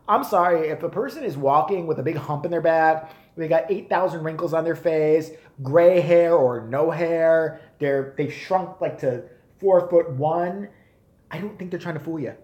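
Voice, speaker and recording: A man in his forties ranting on a live stream, profane and animated. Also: on the high side, echoey room. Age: 40s. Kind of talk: casual rant.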